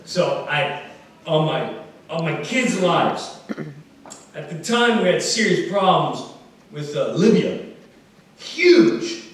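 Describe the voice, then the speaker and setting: Male stand-up comic telling a story live, boomy echoey venue heard from a distance. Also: takes it slowly, long pauses, a little hiss or hum. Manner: animated, laughing as he tells it. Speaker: stand-up comedian. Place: live concert venue stage.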